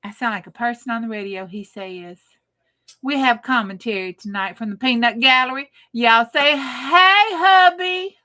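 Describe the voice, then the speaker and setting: A middle-aged woman with a twang chats through a late-night crafting live stream, folksy and a little bawdy, laughing often as she greets her viewers one by one. Her voice sits a bit high and rings very bright and forward. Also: normal speed. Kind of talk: casual live-stream chat.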